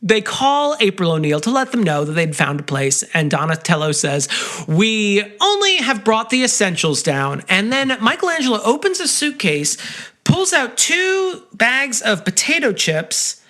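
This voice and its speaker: A man co-hosting a podcast in casual chat, animated and slipping into goofy voices to mimic lines. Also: high voice, moderate pace. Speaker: podcast co-host.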